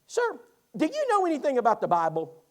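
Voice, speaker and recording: A man doing a raspy, pushy newlywed woman. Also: wildly swooping pitch, heavily acted. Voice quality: raspy, drawn-out high voice.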